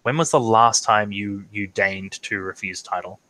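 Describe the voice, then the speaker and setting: A man narrates a tabletop game as game master over a video call, his voice bright and forward. He pauses often with ums and restarts as he sets the scene. The sound is dry, with no room around it. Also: on the low side, fairly even intonation, no room sound, rough recording. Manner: hesitant, full of ums and restarts. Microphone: online video call.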